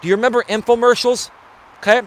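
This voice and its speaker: A man's voice: very high voice, steady tone, fast talker. A man life coach talking bluntly to his live chat while walking outdoors around a building, streaming from his phone. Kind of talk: casual live-stream monologue.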